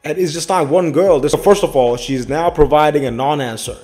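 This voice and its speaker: Man, fairly high voice, blunt, profane, casual reaction commentary, faint music behind. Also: a little fast. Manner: blunt, profane, animated, says "man" and "bro".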